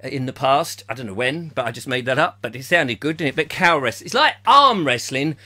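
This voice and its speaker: A man's voice: mid-range voice, animated, a little fast, bright, forceful tone. A middle-aged man from England hosting a comic live chat show, rambling and joking while reading out viewers' comments. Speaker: host.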